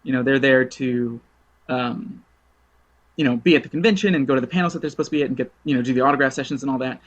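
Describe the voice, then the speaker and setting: A man in casual podcast chat, spinning long rambling anecdotes and breaking into laughter. His voice sits at a middling pitch, and the recording is dull and lo-fi. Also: fast. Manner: rambling storyteller, laughs often, lively retold quotes. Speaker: podcast guest.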